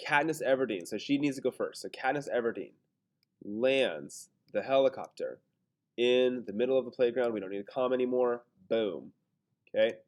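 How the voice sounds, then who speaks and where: A man's voice: medium pitch, darkish tone. Casual man thinking aloud through a lesson. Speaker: teacher. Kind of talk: screen-recorded grammar lesson.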